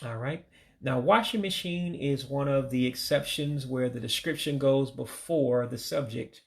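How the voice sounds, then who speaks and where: Gravelly man teaching vocabulary. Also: mid-range voice. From United States. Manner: patient, repeats each word slowly; religious sign-offs. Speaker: language learner teaching vocabulary. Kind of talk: casual vocabulary lesson.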